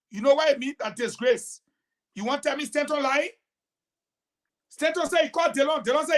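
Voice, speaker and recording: A woman delivers fierce political commentary on a talk show. Her voice sits high, and she jumps from loud, emphatic bursts to low, pointed asides. She is combative and lecturing. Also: brisk, long pauses. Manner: emphatic, combative, swings between loud outbursts and quiet asides.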